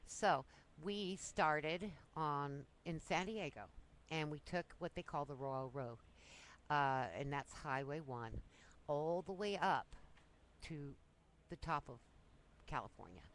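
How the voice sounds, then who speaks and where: A woman's voice: deep voice, slow pace, rough recording. A woman casually telling breezy, self-amused stories from her younger years. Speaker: storyteller. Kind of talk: casual personal storytelling.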